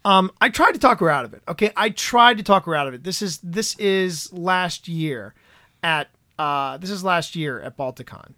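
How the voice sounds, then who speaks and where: Man from the US, podcast co-host, playful ribbing, expressive and bright, dry room. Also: high voice, no room sound. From United States. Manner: teasing, halting with restarts. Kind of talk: casual banter.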